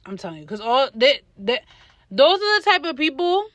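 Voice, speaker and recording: Woman podcast co-host, animated and slangy, bright tone, dry close sound. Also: high-pitched, moderate pace, no room sound. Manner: animated, slangy, laughs often. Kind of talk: casual chat.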